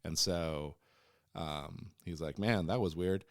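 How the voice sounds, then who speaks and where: A man's voice: sits low, slow, creaky, dry recording, studio quality. A man co-hosting a podcast, retelling a story in casual chat and breaking into playful silly voices for the characters. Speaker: podcast co-host.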